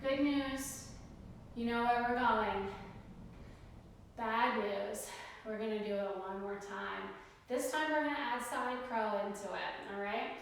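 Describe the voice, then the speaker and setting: A woman's voice: a little high, slow, vocal fry, a little hiss or hum. A woman yoga instructor calling out cues for a live class, out of breath and cheering her students along. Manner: energetic breath-paced cueing with cheers. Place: yoga studio. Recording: roomy distant studio echo.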